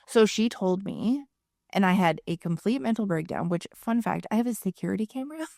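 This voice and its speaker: Woman, 30s, podcast co-host, frank, swears often, mid pitch, dry close recording. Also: fairly quick, gravelly, dry recording. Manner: frank, swears freely, animated retelling. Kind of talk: candid personal storytelling.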